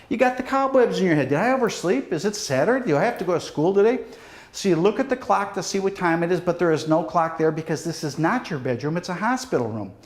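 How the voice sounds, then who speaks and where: Echoey man telling a dramatic story. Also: high voice. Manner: dramatic storytelling, speaks straight to the audience; pleading, drops to near hush at the end. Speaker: police deputy chief giving a safety talk. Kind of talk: motivational presentation to students. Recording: echoey hall.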